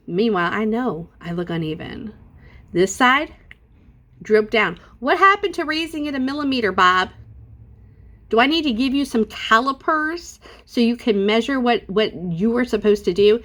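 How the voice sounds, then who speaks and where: A woman's voice: on the high side, animated, moderate pace, fairly bright tone. A middle-aged woman talking casually and sassily to her viewers in an unscripted home vlog, acting out what people said with exaggerated voices. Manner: chatty and sassy, acts out quotes with exaggerated voices. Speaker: vlogger.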